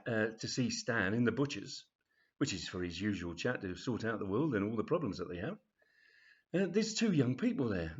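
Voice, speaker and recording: A man's voice: mid-range voice, slightly rough, dull audio. A man telling a comic story in a rambling, chatty way with many fillers. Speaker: author reading his story. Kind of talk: storytelling reading.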